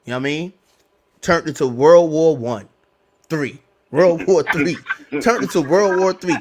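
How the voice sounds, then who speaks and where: Slangy, animated middle-aged man telling a story. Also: mid-range voice, normal speed. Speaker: podcast co-host. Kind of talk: casual storytelling chat.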